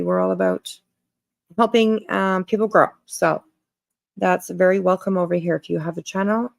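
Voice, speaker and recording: A woman's voice: mid-range voice, vocal fry, dry recording. A woman hosting a livestream, greeting viewers in casual chat and repeating herself with many fillers. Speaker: livestream host.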